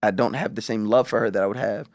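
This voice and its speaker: A man's voice: on the low side, quick pace, dry recording. A man co-hosting a podcast, telling a story in casual chat, swearing freely and acting out what people said. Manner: animated storytelling, profane, acts out quoted voices. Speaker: podcast co-host.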